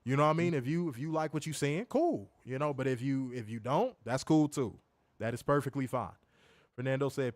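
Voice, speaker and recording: A man co-hosting a wrestling review stream, answering viewer comments in casual, animated chat. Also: medium pitch, no room sound. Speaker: wrestling show co-host.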